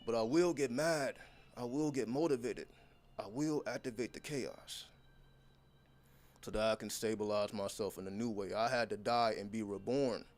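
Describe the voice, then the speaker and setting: A man's voice: lowish voice, normal speed, a little mellow. A man talking straight to his viewers as a content creator, delivering an unscripted motivational monologue that is blunt, intense and heavily profane.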